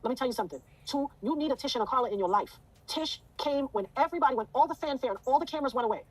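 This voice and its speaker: Rapid-fire fervent woman telling her story. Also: sits high, expressive, slightly rough, poor audio. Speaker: interview guest. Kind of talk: emotional interview testimony.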